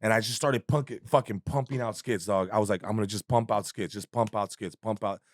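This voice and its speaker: A man, telling an animated story as a guest comedian in a casual chat, swearing freely and acting out voices. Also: lowish voice, brisk, no echo, clean studio sound.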